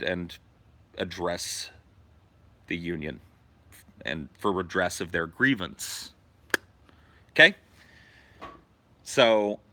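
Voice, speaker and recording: A man telling a profane story in a casual, animated way as a podcast host. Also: deep voice.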